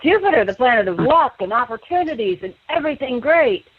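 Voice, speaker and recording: A woman astrologer co-hosting a call-in show, friendly and brisk, often backing the others up with mm-hmm. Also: on the high side, sing-song, breathy edge. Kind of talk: call-in radio show, casual. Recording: dry, muffled lo-fi line.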